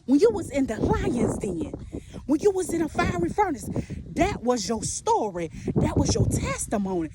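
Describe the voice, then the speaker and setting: Lively, rhythmic woman preaching prophetically. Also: high voice, very noisy. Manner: rhythmic, repetitive preaching, calls listener "baby", laughs between lines. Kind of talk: impassioned prophetic sermon.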